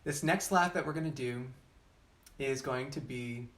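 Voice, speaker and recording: Man, laughter yoga instructor, slow guided pace, gentle coaching, light laughs between cues. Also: mid-range voice. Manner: calm unhurried guidance through breathing. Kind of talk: guided live-streamed session.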